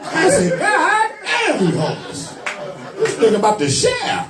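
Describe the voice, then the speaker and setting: A man with a very high voice, working through a rowdy stand-up roast with crude slang. His pitch swings all over the place as he tells his stories. The sound is echoey and distant, with a crowd laughing all around him. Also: huge pitch swings, normal speed, very noisy. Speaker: stand-up comedian. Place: comedy club stage.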